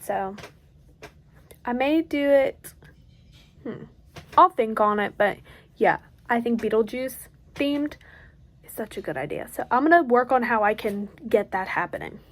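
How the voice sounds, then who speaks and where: A woman's voice: fairly high pitch, animated, a little slow, long pauses. An eighteen-year-old woman with a light Southern US country accent, rambling and joking through a casual late-night crochet vlog at home. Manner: rambling, chatty, self-joking. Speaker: crochet vlogger.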